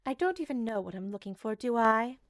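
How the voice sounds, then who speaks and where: A woman putting on the voice of a demure, vampire-like fancy lady, talking very slowly and measured. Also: a little high, very animated, no room sound, clean studio sound. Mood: unhurried. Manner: very slow and measured.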